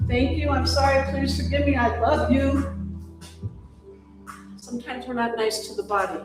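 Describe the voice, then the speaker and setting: A woman leading a yoga class, giving calm, encouraging cues and breath prompts. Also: high-pitched, normal speed, heavy reverb, over music, poor audio. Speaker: yoga instructor. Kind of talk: guided yoga class instruction.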